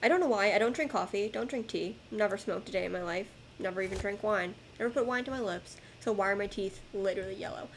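A young woman tells a story on a podcast in a casual, exasperated tone. Her voice sits at an ordinary pitch, with a faint hiss behind it. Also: fast, hardly any pauses, poor audio. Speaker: podcast co-host. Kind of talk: casual chat.

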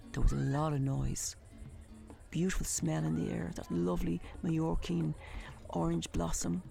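A woman's voice: low voice, little pitch movement, measured pace, vocal fry, mellow, faint music behind. A woman telling a vivid personal story in a conversational, colourful way.

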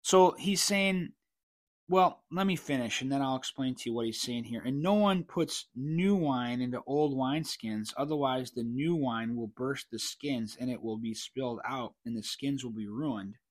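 A man's voice: mid-range voice, normal speed, dry recording. Preaching man, dry and close. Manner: reads scripture then comments conversationally, frequent throat clearing. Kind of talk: Bible teaching sermon.

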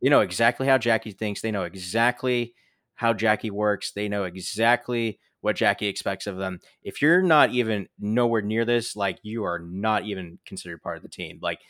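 A man co-hosting a casual movie review chat, animated, swearing freely and filling gaps with "like" and "um". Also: on the low side, moderate pace, no room sound, studio quality. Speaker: podcast co-host.

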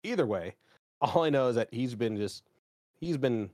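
A man's voice: medium pitch, animated, moderate pace, a little mellow, no echo, clean studio sound. A man co-hosting a gaming podcast, telling stories loosely with fillers and some swearing. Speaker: podcast co-host. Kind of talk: casual chat.

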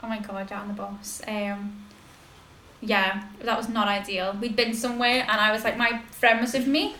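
A woman's voice: medium pitch, steady tone, normal speed, bright, forceful tone, echoey room, slight background noise. A young woman hosting a podcast, telling a story in a loose, rambling way with many fillers and restarts. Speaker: podcast host. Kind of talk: casual storytelling chat.

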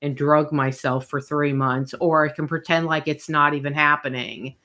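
A woman's voice: low-pitched, little pitch movement, normal speed, bright, forceful tone. A middle-aged woman co-hosting a podcast with her daughter, talking candidly and emotionally and laughing often. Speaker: podcast co-host, mother. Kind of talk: casual chat.

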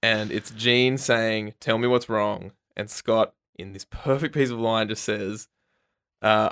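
Fairly low-voiced guy on a podcast, excited, keeps restarting sentences. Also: slow pace, clean tone. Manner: enthusiastic, rambling, many restarts. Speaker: podcast co-host. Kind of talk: casual chat about comics.

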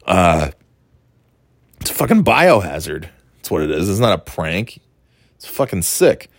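A man's voice: low-pitched, big pitch swings, unhurried, dry recording, clean studio sound. Rambling, foul-mouthed man hosting a podcast. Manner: rambling, profane, mimics people in quotes. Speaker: podcast host. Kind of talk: casual podcast monologue.

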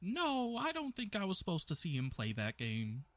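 A man's voice: sits high, wildly swooping pitch, moderate pace, fairly bright tone, full character voice. A man voicing a confused old man who rambles politely and absent-mindedly in a tabletop role-play. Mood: rambling.

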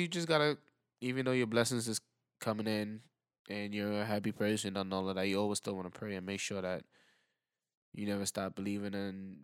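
Brief: male podcast co-host, relaxed and matter-of-fact, dry close-miked sound. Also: lowish voice, clean tone, no echo. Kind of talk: casual chat.

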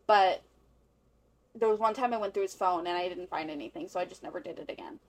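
This young woman has a fairly low voice and talks at a quick pace while telling a story as a podcast co-host. Her casual chat is full of swearing, and she animatedly acts out what people said.

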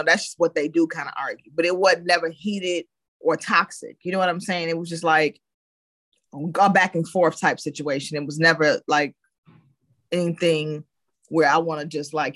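Bright, dry-sounding casual speaker. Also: mid-range voice, moderate pace, no room sound. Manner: rambling, hedging with fillers. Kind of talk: casual chat.

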